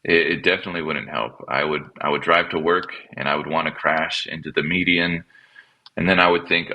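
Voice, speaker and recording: Super low voiced guy telling his own story, kinda halting, repeats himself, bright sharp edge to it. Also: steady tone, low-quality recording. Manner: halting, reflective, repeats words as he restarts. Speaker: podcast guest, pastor. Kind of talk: personal testimony in conversation.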